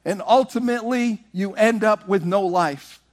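A man preaching a sermon, animated and rhythmic, moving from loud, half-sung exclamations to hushed storytelling. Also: sits high, moderate pace.

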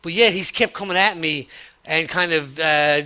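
A pastor preaches a sermon conversationally, working through a personal story with frequent restarts and lively reenacted dialogue. His voice is fairly high, at normal speed, with a clean tone.

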